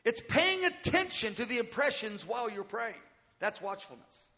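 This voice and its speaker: A man's voice: extremely high pitch, very animated, normal speed, bright, forceful tone. A man preaching a teaching sermon, earnest and exhorting, repeating his points. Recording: long hall reverb.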